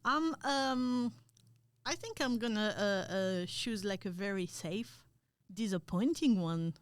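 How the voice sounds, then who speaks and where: A woman from France speaks English with a French accent, slowly and hesitantly, pausing on ums as she looks for words. Her voice sits at an ordinary pitch and sounds dry and close to the mic. She chats as a podcast guest. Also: clean tone, no echo. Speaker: podcast guest, tattoo artist. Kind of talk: casual chat.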